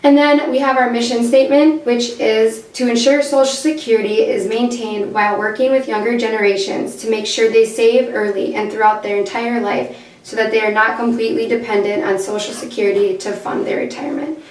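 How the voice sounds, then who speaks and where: A young woman giving a class presentation while losing her voice, steady with fillers. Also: on the high side, brisk. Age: young adult. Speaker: student presenter. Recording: echoey room, far from the mic, faint noise.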